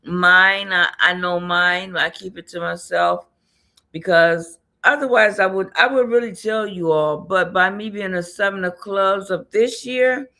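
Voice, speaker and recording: A tarot and numerology reader gives a casual spiritual reading, rambling and repeating herself, often laughing and muttering under her breath. Her mid-range voice is unhurried, pushed and bright.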